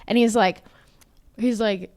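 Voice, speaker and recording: A woman's voice: mid-range voice, takes it slowly. A young woman in her twenties co-hosting a podcast, telling a story in casual chat and acting out the people in it. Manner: animated, acts out voices while telling stories. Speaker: podcast co-host.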